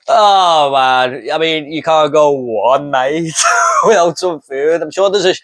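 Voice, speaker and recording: A man's voice: a little high, slow pace, fairly bright tone. A man giving casual commentary on bad horror movie lines, laughing often and swearing as he mocks them. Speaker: movie reviewer.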